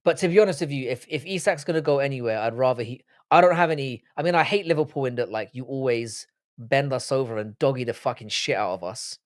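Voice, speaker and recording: A man's voice: mid-range voice, fast, no room sound, clean studio sound. A young man hosting a live-stream panel, talking in casual, blunt and profane banter. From United Kingdom. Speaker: livestream panel host.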